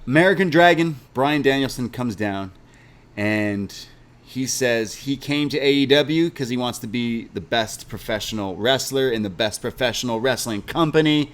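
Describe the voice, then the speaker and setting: A man co-hosting a podcast, excitedly recapping a wrestling show and retelling the promos. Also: medium pitch, moderate pace. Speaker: podcast co-host. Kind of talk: casual wrestling recap chat.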